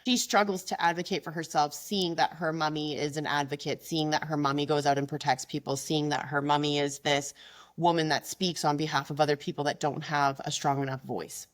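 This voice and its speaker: Blunt, fast-talking woman, low voice. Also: fairly even intonation. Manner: blunt, emphatic, quick-talking with mocking quoted voices. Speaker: guest, business founder. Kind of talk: casual interview chat.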